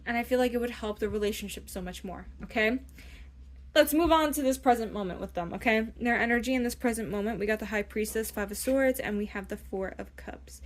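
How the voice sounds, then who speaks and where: A woman's voice: a little high, brisk. Chatty woman giving a tarot reading. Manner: chatty, rambling, often asks "okay?"; acts out imagined inner voices. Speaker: tarot reader. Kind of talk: casual tarot reading monologue.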